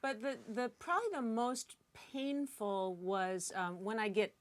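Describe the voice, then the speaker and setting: A woman's voice: on the high side, a little slow. A woman, an actress, recalling a film shoot in a casual, good-humoured way, laughing easily between stories. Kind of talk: casual anecdote telling.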